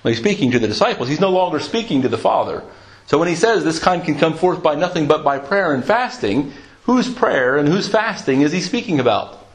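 A man's voice: fairly high pitch, lively intonation, brisk. Conversational preacher man with a raised voice. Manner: conversational, repeats words when restarting, clears throat often. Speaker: pastor. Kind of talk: sermon.

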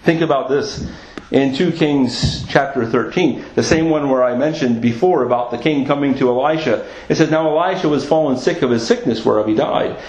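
A man's voice: a little high, a little mellow. Man preaching in an echoey room. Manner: earnest preaching, repeats phrases for emphasis. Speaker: pastor. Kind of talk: sermon. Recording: echoey, dull lo-fi church recording.

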